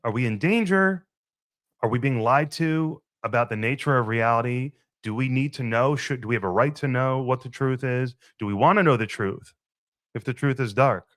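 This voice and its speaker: Guy rambling on his own podcast, swears a lot, mid pitch, dead dry sound. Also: normal speed, a bit bright, no room sound. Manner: rambling, musing, swears freely. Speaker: podcast host. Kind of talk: casual solo monologue.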